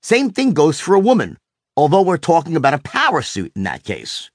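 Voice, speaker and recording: A man's voice: on the high side, wildly swooping pitch, fairly quick, no room sound, studio quality. A man narrating a self-help book as a sales and communication trainer, emphatic and punchy, telling stories.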